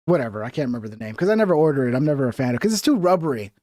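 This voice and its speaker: A man's voice: mid-range voice, very animated, very fast, mellow, no room sound, studio quality. A man from the United States giving rambling, profane, mocking commentary while reacting to clips on a stream.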